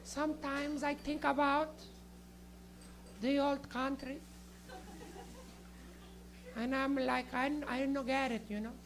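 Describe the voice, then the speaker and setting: A man's voice: very high-pitched, level tone, takes it slowly, pauses often, background noise, full character voice. A man voicing a stoned old grandmother who drawls in a dazed, wistful way.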